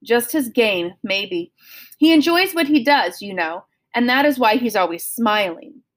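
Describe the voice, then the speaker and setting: A woman's voice: a little high, animated, measured pace. A woman reading a storybook voices a frightened, desperate young woman who talks in a tearful, urgent rush. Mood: eerie. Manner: tearful, breathless, urgent pleading.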